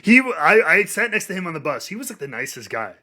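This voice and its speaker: Bright-voiced male podcast host. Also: high voice, big pitch swings, quick pace. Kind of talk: casual interview, reading listener questions.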